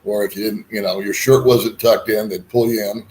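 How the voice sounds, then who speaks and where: A man's voice: fairly low pitch, steady tone, normal speed, darkish tone. A man hosting a casual chat, talking in a rambling, frank way with folksy asides. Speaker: host.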